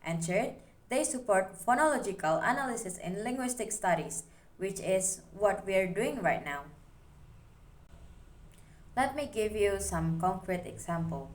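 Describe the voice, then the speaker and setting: A woman's voice: medium pitch, lively intonation, unhurried. A young woman student giving a recorded class presentation, explaining steadily as she reads through her slides.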